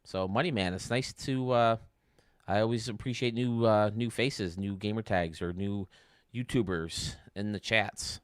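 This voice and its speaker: A man's voice: fairly low pitch, a little slow, smooth, no room sound, clean studio sound. A man hosting a casual livestream from home, chatting as he explains game menus step by step. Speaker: YouTube gaming streamer.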